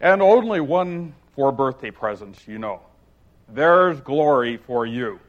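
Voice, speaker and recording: A proud, scornful storybook egg who booms every word with lordly emphasis, as a preacher reads him aloud. The voice sits at a middling pitch. The recording is muffled and lo-fi. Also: male voice, expressive, slow pace. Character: pompous, scornful talking egg, male. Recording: dull lo-fi recording.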